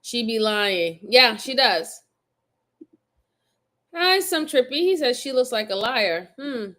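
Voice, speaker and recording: A woman's voice: high-pitched, lively intonation, slow, sharp tone. A woman hosting a casual livestream, reacting to a crime video and teasing her viewers by name with lots of laughter.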